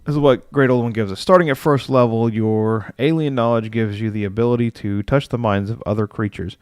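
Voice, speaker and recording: A man's voice: mid-range voice, fairly even intonation, a little fast, a little mellow, clear, resonant tone, no room sound, clean studio sound. A man chatting casually on a livestream as he builds a game character, thinking aloud, reading rules text and answering his chat.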